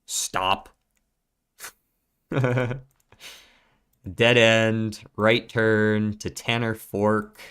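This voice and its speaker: A male streamer talks himself through a puzzle game, muttering and cursing as he reasons out each clue. His voice sits low, and he speaks at an unhurried, drawn-out pace. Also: fairly bright tone, smooth. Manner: muttering, profane, puzzling things out slowly. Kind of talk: thinking aloud while playing a puzzle game.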